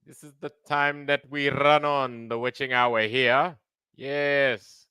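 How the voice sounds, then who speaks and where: A man putting on a theatrical announcer voice with an old-fashioned mid-Atlantic accent and a drawn-out delivery. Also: medium pitch, fairly even intonation, pushed and bright, clear, resonant tone, dry recording. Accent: mid-Atlantic (put on).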